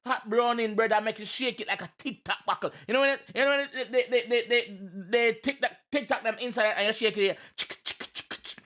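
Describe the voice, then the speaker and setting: A man with a Jamaican accent hosting a reaction video, talking in playful, loud patois and breaking into chanted shouts. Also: very high-pitched, fairly even intonation, quick pace, hardly any pauses. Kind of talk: animated reaction commentary.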